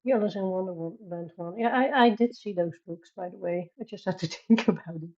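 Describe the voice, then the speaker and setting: A woman's voice: on the low side, a little fast, darkish tone, muffled recording. A woman from the Netherlands with a Dutch accent, chatting casually on a coloring live stream, reading chat aloud and laughing often.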